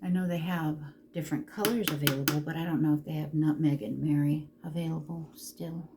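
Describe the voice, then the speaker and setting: A woman's voice: low-pitched, steady tone, brisk, noisy background. A middle-aged woman chatting casually through a get-ready-with-me makeup video, rambling along and cracking crude jokes. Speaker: makeup vlogger.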